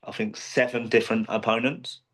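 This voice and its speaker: A professional boxer being interviewed, talking casually with many restarts and fillers. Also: male voice, mid-range voice, steady tone, brisk, fairly bright tone. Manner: rambling, frequent restarts and fillers.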